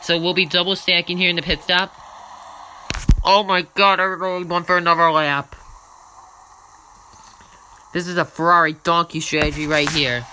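A man giving let's-play commentary on a racing game, swinging between loud cheers and grumbling mutters. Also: a little high, little pitch movement, normal speed, long pauses. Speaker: gamer playing a racing management game. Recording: noticeable background noise.

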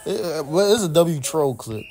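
A man's voice: a little high, lively intonation, measured pace, dark tone, soft background music. A young man commenting on his basketball video game, trash-talking teammates, swearing and repeating himself. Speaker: gaming streamer. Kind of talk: casual gameplay commentary.

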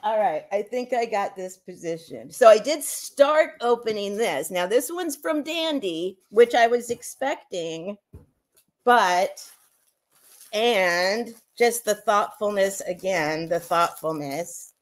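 Slow-talking, teary woman vlogger. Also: mid-range voice, expressive. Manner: emotional, gushing, rambling. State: teary after crying. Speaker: vlogger opening gifts. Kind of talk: casual livestream chat.

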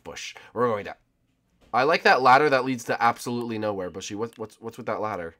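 A man giving casual, jokey gameplay commentary as a video host, often bursting into loud excited cries. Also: lowish voice, fast. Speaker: gaming YouTuber.

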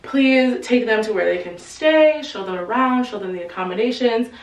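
A woman voicing a nasty, appearance-obsessed society mother with a sugary, drawn-out delivery, recorded in a roomy space away from the mic. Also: fairly high pitch, far from the mic, natural voice. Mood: fake sweet. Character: snobbish, nasty middle-aged society mother.

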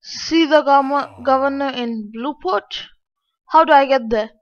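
A woman's voice: high-pitched, measured pace. A woman reading out the lines of an earnest young adventurer set on slaying a dragon. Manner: earnest, determined. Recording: dull lo-fi.

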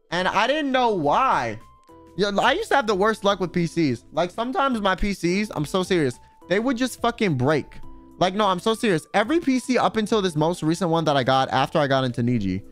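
A man's voice: high-pitched, big pitch swings, fairly quick, faint music behind. A man streaming in a casual chat, rambling and swearing freely, full of filler words. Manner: rambling, profane, full of "like" and "you know".

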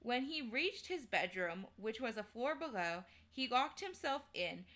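Woman narrator for a storybook read-aloud, slow, bright, slightly high. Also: very animated. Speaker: streamer reading a novel aloud.

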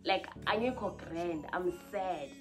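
A woman's voice: on the low side, lively intonation, slow pace, music in the background. A young woman, venting candidly to camera in a confessional vlog, rambling and heartfelt with many fillers and restarts. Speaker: vlogger.

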